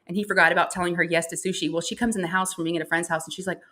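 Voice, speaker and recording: A woman's voice: lowish voice, fairly even intonation, rapid-fire, pushed and bright. A middle-aged woman, hosting a casual livestream chat, chatty and laughing often as she greets viewers. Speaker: livestream host.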